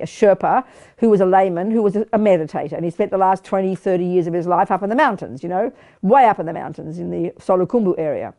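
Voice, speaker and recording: An older woman giving a lively Buddhist teaching to a live group, quizzing her listeners and talking bluntly and playfully. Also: mid-range voice. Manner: animated, questioning the audience, blunt and playful. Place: meditation study group hall.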